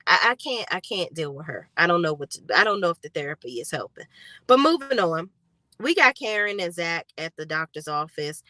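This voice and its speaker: A woman's voice: medium pitch, a bit bright, dry recording. A woman giving casual show recap commentary, blunt, sassy and profane. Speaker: TV recap vlogger.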